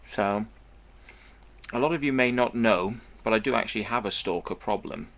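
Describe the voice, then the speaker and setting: A man's voice: lowish voice, moderate pace, creaky, a bit bright. A man telling a long story in a blunt, profane, meandering way to his viewers. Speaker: vlogger. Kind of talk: casual storytelling monologue.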